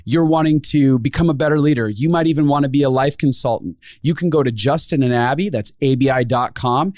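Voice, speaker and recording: A man's voice: medium pitch, a little mellow, no echo, clean studio sound. Upbeat male podcast host. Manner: upbeat and promotional. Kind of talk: podcast introduction.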